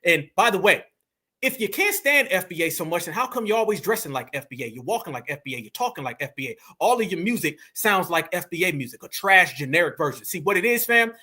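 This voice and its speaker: Male commentary host, very high pitch, confrontational preachy delivery. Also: expressive, fast talker, sharp tone, slightly rough. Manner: preachy, confrontational, keeps calling listeners "fam". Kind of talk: heated reaction commentary.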